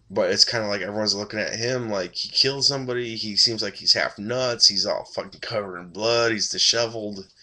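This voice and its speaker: A man's voice: lowish voice, bright, forceful tone. A tired man giving a rambling, blunt and profane casual review of a TV episode.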